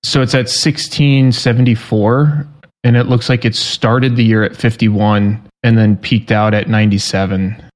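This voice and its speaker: A man's voice: on the low side, little pitch movement, a little slow. Wry man talking markets on a podcast. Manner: wry, joking. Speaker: guest market commentator. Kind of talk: casual chat.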